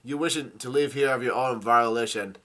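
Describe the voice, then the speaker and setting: A man's voice: mid-range voice, natural voice. A man reading as a cold, stern king father. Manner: read aloud flatly from a comic, halting restarts.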